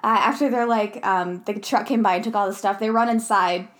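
A woman's voice: mid-range voice, steady tone, fairly quick. A young woman co-hosting a casual podcast, giggly and eager to quote favorite movie lines. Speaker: podcast co-host. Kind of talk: casual chat recapping a movie.

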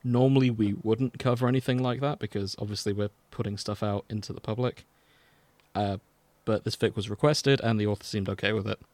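A man's voice: fairly low pitch, steady tone, fairly quick, darkish tone, dry recording. English guy hosting a podcast, laid back, dry close mic. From England. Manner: easygoing, organizing, chuckling. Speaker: podcast host. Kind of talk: casual chat.

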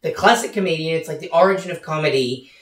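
A man's voice: a little high, fast. A man co-hosting a podcast in casual chat, playful and argumentative. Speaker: podcast co-host. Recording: echoey room from a distance.

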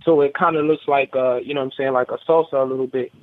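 A man's voice: mid-range voice, fairly even intonation, fast, phone-quality sound. A man co-hosting a podcast from outside the studio, talking in crude, slangy banter full of "you know what I'm saying". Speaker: podcast co-host calling in remotely.

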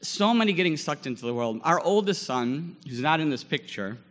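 40s guy giving a chapel talk, bright forceful voice, acts stuff out, lots of uhs. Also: fairly high pitch, a little fast, in a large hall. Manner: animated storyteller, acts out scenes, many fillers. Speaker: guest chapel speaker. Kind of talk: storytelling sermon.

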